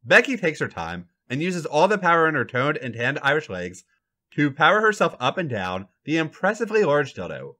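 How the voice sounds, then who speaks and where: A man hosting a podcast, reading a fan fiction story aloud with an animated, dramatic delivery. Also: fairly high pitch, brisk.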